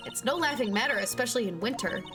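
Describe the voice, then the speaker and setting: A woman putting on an old country nun, folksy, chatty, lifted pitch, game music behind. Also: expressive, fast talker, natural voice. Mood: complaining. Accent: put-on country accent. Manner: folksy, chatty and self-pleased. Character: chatty older female nun with a bad back.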